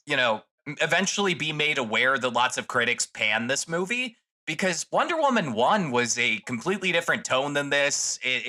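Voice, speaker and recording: A young man with a bright, forceful voice pitched a little high, co-hosting a podcast. He talks casually and loosely, swears a lot and trips over his own restarts. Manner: profane, rambling, with many restarts. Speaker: podcast co-host. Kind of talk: casual chat.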